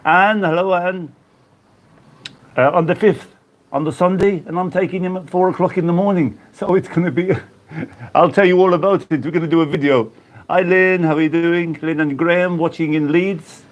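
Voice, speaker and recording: A chatty English man runs a casual live stream, reading out viewers' names and laughing as he goes. His voice sits a bit high for a man, with a relaxed, rambling manner. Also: moderate pace, dull audio. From England. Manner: chatty, laughs often, greets viewers by name. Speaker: YouTube host reading live chat.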